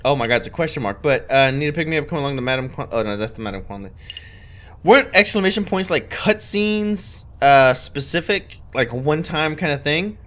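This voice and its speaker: A man's voice: on the high side, animated, brisk, fairly bright tone. Young man, sore-throated game chat. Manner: chatty, swears, hesitant fillers. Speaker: gaming channel host. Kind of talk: casual let's play chat.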